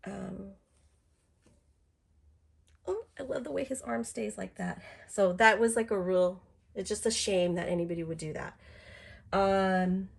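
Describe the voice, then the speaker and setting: Middle-aged woman, live-stream chat, congested from a cold, gravelly, rambling with fillers. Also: medium pitch, unhurried, pauses often. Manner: chatty and rambling, many fillers and restarts. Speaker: doll collector streaming live.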